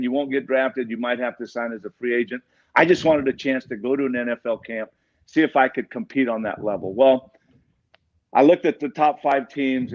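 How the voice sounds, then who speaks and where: Man in his 60s telling an animated story. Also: mid-range voice. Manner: animated storyteller, chuckles between lines. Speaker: guest, former pro football player. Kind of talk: storytelling in a live online show. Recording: dull lo-fi audio.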